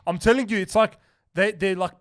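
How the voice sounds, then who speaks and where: Fast-talking, excited young man. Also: high voice, no echo, studio quality. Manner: excitable, animated storytelling with slang. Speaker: podcast host. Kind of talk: casual chat.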